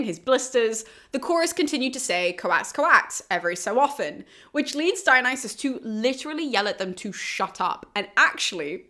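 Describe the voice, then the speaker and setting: A woman hosting a casual summary of an ancient play, chatty and animated and laughing often. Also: high voice. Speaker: host of a classics explainer channel.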